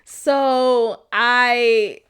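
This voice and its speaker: A woman hosts her own podcast and tells personal stories in a candid, animated chat. Her voice sits a little high, and she laughs often and swears freely. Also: extremely slow, clear, resonant tone. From Boston area, US. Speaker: podcast host.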